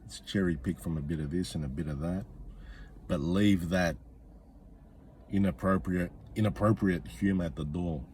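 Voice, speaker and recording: A man's voice: sits low, moderate pace, darkish tone, slight background noise. A man, a comedian ranting bluntly and swearing often, repeating his points for emphasis. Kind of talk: profane comic rant.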